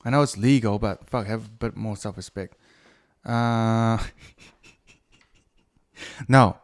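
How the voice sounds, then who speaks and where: A man's voice: medium pitch, a little slow, pauses often, clear, resonant tone. A man rambles through a solo podcast episode. He is crude and self-mocking, breaking off mid-thought and circling back with fillers. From New Zealand. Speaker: podcast host.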